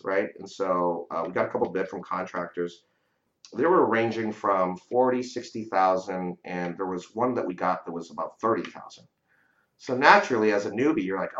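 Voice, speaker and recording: Guy with a lowish voice chatting casually, lots of "you know" and "right?", sounds kinda dull and echoey. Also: sharp tone. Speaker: real estate investor guest. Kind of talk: casual storytelling interview. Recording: dull lo-fi audio in a roomy space.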